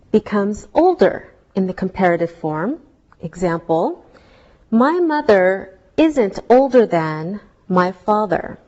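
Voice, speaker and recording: A woman teaching a scripted English lesson, speaking slowly and carefully so learners can follow each word. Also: medium pitch, a little mellow, lo-fi sound. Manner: slow, clearly spelled-out teaching delivery.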